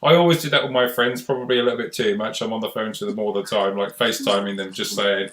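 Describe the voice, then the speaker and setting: A man's voice: on the low side, steady tone, quick pace, a bit bright, roomy sound. A man hosting a casual live-stream chat, chatty and rambling in an encouraging way. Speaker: host.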